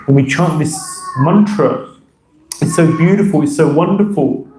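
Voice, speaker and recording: Mellow-voiced man giving a devotional talk. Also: fairly high pitch, moderate pace, echoey room, slight background noise, low-quality recording. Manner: reverent, reflective, recites verses. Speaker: speaker giving a talk on scripture. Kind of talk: devotional lecture.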